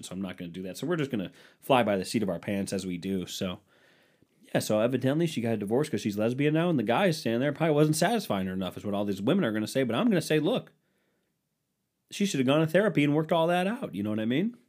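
A man's voice: mid-range voice, a little mellow. A young man hosting a solo podcast, ranting sarcastically and crudely in a rambling way. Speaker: podcast host. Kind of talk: solo comedic rant.

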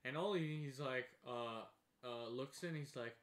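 A man telling a wild story in casual chat, animated, swearing and laughing as he goes. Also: medium pitch, a little slow. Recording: echoey room.

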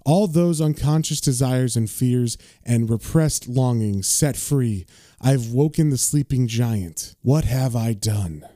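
A man reading out the lines of a male scientist who has unleashed chaos, in a slow, low voice. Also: mellow, dry recording, clean studio sound, close to an everyday voice. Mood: brooding. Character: male scientist, guilty yet gleeful.

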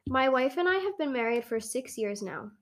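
Young woman, podcast co-host, slightly high voice, giggly, playful, casual reading. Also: lively intonation, moderate pace, a bit bright. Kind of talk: casual chat, reading posts aloud.

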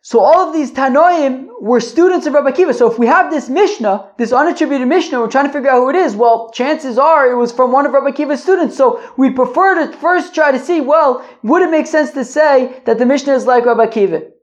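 A woman's voice: high voice, fairly quick, hardly any pauses. A woman hosting a casual Talmud study lesson, reasoning aloud, restarting her sentences and checking that listeners follow. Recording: dull lo-fi audio.

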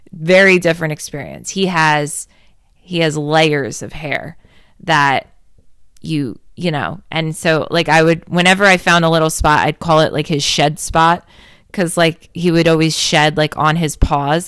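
Candid, swearing woman host, smooth dry voice. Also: low voice, a little slow, fairly bright tone, dry recording. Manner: candid, rambling, swears freely, self-deprecating. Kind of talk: casual confessional chat.

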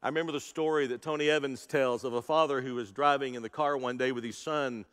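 A man's voice: medium pitch, steady tone, fast talker, fairly bright tone, clear, resonant tone, long reverb tail. A male pastor preaching an Easter sermon, with rising and falling emphasis and calls out to the congregation. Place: church sanctuary.

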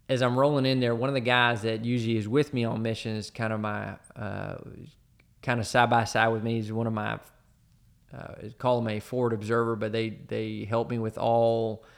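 A man's voice: on the low side, creaky. A man who once led a military team, telling a personal war story casually and rambling with lots of fillers. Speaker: former team leader in the military.

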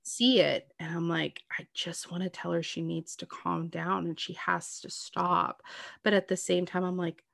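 A woman's voice: fairly low pitch, flat delivery, a little slow, gravelly, fairly bright tone, no room sound, studio quality. A woman in casual heartfelt conversation, talking at length in an earnest, reassuring way with lots of "like" and "you know what I mean". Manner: talkative, earnest, reassuring, full of "like".

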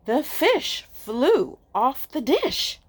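Woman reader, children's storybook read-aloud, slow with lively pitch. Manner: slow, sing-song, expressive.

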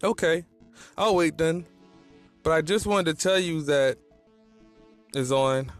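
A man's voice: on the high side, slow, faint music behind, pitched above the performer's own voice. A man voicing a playful, teasing young male character in a read-aloud fan story. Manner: teasing, cheeky.

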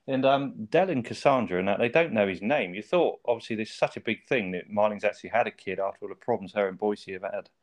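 A man's voice: fairly low pitch, quick pace, hardly any pauses. A man, chatting casually as a podcast co-host, swearing and laughing often. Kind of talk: casual chat.

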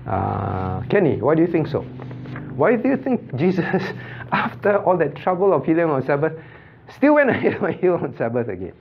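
A male pastor teaching a Bible study, calling on students by name and repeating points with quick checks like "okay?" and "right?". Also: on the high side, wildly swooping pitch, gravelly, highs cut off, slight background noise.

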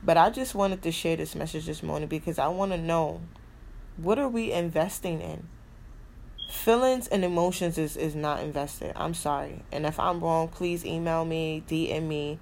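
A woman's voice: deep voice, moderate pace, creaky, a little mellow, a little hiss or hum. A woman hosting a podcast in a casual motivational monologue, emphatic, repeating her key phrases and swearing freely. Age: adult with a son. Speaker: podcast host.

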